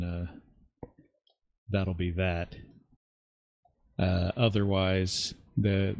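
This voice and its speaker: A man who is an army veteran, playing a tabletop game in casual chat and reading out rules in a halting, stop-start way. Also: low-pitched, darkish tone, no echo. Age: adult army veteran.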